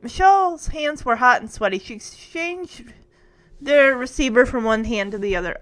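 A woman's voice: on the high side, expressive, normal speed, a bit bright. A woman reading a children's book aloud, adding chatty, playful comments. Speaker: reader.

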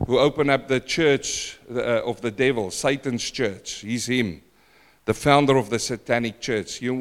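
A man preaching a sermon in a church, dramatic and repetitive, swinging between loud outbursts and hushed asides. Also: medium pitch, long reverb tail.

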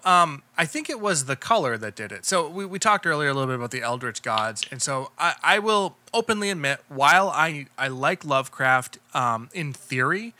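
Male podcast co-host, very bright tone, dry close mic, chatty and rambling. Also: on the high side, no echo. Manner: rambling, chatty, frequent fillers and restarts. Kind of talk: casual film review chat.

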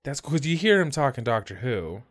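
A man's voice: mid-range voice, sing-song, fairly quick. An American man co-hosting a podcast, rambling in casual chat with lots of "you know" and casual swearing. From United States. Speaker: podcast co-host.

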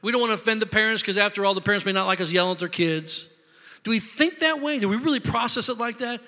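A man preaching a sermon, telling stories with lively voices and shouted lines for emphasis. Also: high voice, quick pace, big-room sound. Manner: animated storytelling, shouting for emphasis. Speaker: pastor.

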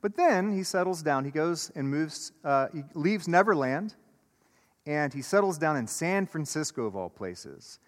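A pastor with a fairly high voice delivers a sermon, earnest and insistent as he stacks repeated phrases. He drops easily into relaxed, friendly chatter with the people in front of him. The sound rings with the long reverb of a church sanctuary. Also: unhurried. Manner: earnest preaching with repeated phrases, turning casual and chatty with the congregation. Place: church sanctuary before a congregation. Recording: echoey church hall.

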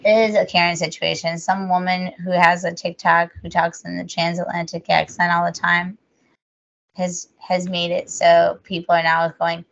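A woman's voice: lowish voice, fairly even intonation, moderate pace, gravelly. A woman co-hosting a podcast, chatting casually in a rambling, jokey way. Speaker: podcast co-host. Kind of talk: casual chat. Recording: muffled lo-fi audio.

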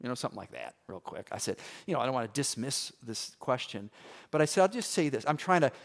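A middle-aged man preaching as a pastor, telling a story with acted-out voices and swings from hushed to loud. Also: medium pitch, sing-song, fast, vocal fry. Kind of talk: sermon with a personal story.

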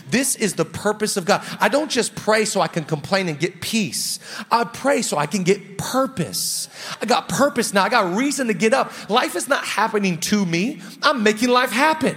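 A middle-aged man from the United States preaching a sermon as pastor, energetic, with quick asides to the congregation. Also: high voice. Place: church auditorium. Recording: long reverb of a large hall.

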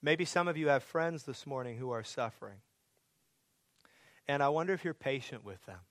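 A man's voice: mid-range voice, animated, moderate pace, no echo. A man preaching a sermon as pastor, earnest, building to pleading, emphatic questions.

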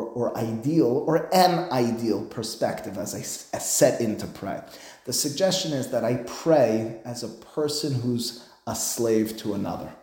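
Male rabbi, Talmud lecturer, medium pitch, echoey room, animated delivery. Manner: animated, plays both sides of a dialogue, peppered with Hebrew terms. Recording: roomy echo.

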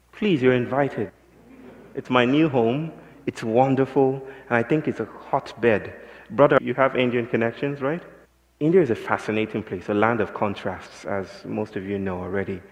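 A man's voice: medium pitch, normal speed. A man giving a reflective, poetic public talk to an audience, musing and then pressing points with passion. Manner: poetic, musing, builds to impassioned emphasis. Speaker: invited speaker. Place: lecture hall with audience. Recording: reverberant hall.

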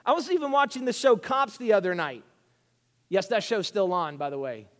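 A man preaching a sermon, swinging from hushed asides to loud, emphatic lines. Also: sits high, expressive, normal speed. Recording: reverberant hall.

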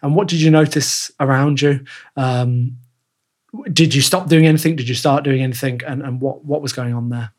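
A man's voice: medium pitch, steady tone, moderate pace. Man asking rambling interview questions. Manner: rambling, stacked questions with restarts. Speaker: podcast host.

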